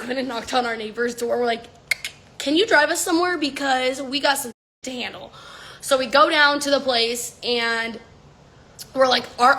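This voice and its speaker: A young woman telling a story in an animated, casual way, swearing and saying "like" a lot. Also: fairly high pitch. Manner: animated, swearing, heavy use of "like".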